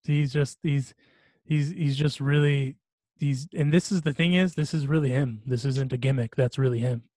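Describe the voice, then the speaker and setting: A man's voice: mid-range voice, steady tone, moderate pace, mellow, dry recording. Guy hosting a podcast, rambles and laughs a lot, mid voice, dry mic. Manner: rambling, laughing often, many restarts and fillers. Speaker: podcast host. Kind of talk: casual chat.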